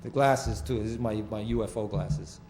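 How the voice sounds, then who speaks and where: Rambling, halting man hosting a studio show. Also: lowish voice, darkish tone, a little hiss or hum. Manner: rambling and halting, with many restarts. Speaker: host of a public access TV show. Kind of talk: casual talk-show commentary over photos.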